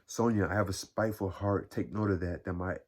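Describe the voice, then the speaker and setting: A man's voice: sits low, steady tone, a little fast. A man reading aloud, voicing a tormented young man who confesses wearily and in despair. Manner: weary, despairing, ironic.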